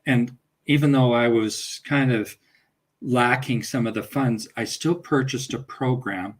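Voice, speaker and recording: A middle-aged man, a guest family coach, speaking calmly and reflectively in a casual talk-show conversation. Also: medium pitch, a little slow, poor audio.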